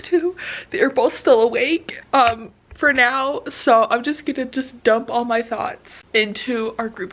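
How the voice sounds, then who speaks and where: A woman's voice: a little high, unhurried. A young woman chatting in a casual book vlog at home at night, teary and emotional, laughing between words. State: teary, close to crying. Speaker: book vlogger. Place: home at night, dim room.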